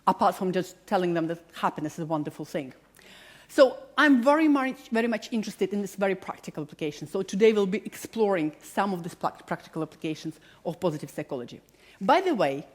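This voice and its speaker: A woman in her forties with a non-native, slightly British-tinged accent, giving an enthusiastic talk to a live audience and speaking to them directly. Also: medium pitch. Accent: non-native English with a slight British tinge. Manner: enthusiastic, self-deprecating, addresses audience directly. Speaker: positive psychology lecturer. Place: large public hall.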